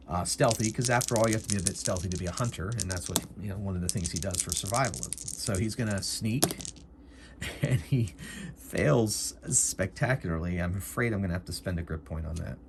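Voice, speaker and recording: Low-voiced man running a solo game. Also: slight background noise. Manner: casual, thinking aloud, explaining rules. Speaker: game master and solo player. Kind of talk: narrating a solo tabletop game.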